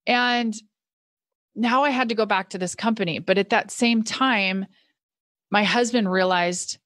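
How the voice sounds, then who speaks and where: A middle-aged woman shares a personal story as a podcast guest, earnest and animated, bringing her past thoughts to life. Her voice sits at a middle pitch. The recording is dry and close, with little room sound. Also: unhurried, dry recording. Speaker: podcast guest, business owner.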